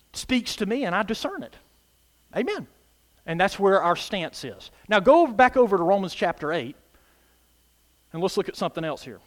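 A man's voice: sits high, a bit bright, big-room sound. A man preaching a sermon as pastor, emphatic, with call-and-response asides to his listeners.

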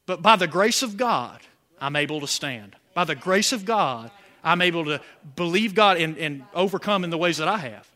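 Preaching a sermon, this pastor speaks at normal speed in a fairly high, bright voice with a forceful tone. He's expressive, posing questions to the congregation and building emphatic points with rising emphasis, call-and-response style.

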